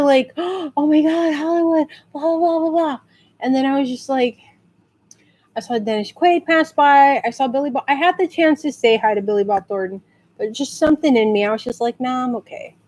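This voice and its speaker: A woman from San Antonio, Texas, chatting casually in a rambling way and acting out quotes in high squeals. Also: a little mellow. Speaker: vlogger. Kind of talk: casual storytelling rant.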